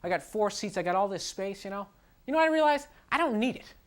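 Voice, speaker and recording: Animated ranting male stand-up comic. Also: high-pitched, fast talker. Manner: animated, self-deprecating ranting. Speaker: stand-up comedian. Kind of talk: stand-up comedy routine. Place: comedy club stage with a live audience. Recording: live club recording with audience noise.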